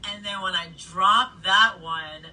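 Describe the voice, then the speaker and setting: A middle-aged woman DJ recounts her stories in an animated, casual way, cursing freely. Her voice is husky and breathy, and she sits a little back from the mic. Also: mid-range voice, takes it slowly. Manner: animated, swears freely, laughs between stories. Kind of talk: casual storytelling interview. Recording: voice a bit distant from the mic.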